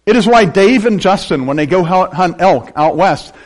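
An older man from western Pennsylvania, preaching a sermon with animated delivery and joking asides. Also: high-pitched, moderate pace. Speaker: pastor.

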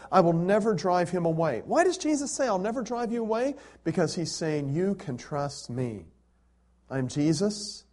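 Guy preaching, lively up and down voice, a bit high, chatty and funny. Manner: animated, conversational preaching with humor and rhetorical questions. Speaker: pastor. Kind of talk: sermon.

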